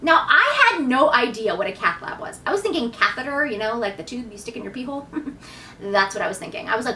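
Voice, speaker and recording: A woman in her thirties telling a personal story to camera in a candid, animated way, acting out what people said. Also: fairly high pitch, brisk, distant mic, slight background noise. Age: 30s. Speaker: vlogger.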